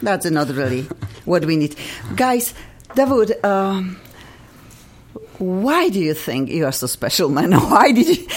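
Lively, effusive woman host. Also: lowish voice. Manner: chatty, laughing, effusive. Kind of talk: casual interview chat.

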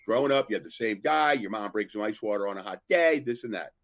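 A man's voice: lowish voice, animated, fast, gravelly, fairly bright tone, no room sound. A man hosting a live podcast and telling rambling stories, acting out the other people's lines as he goes. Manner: rambling anecdotes with acted-out quotes and asides. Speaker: podcast host. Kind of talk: casual storytelling on a live podcast.

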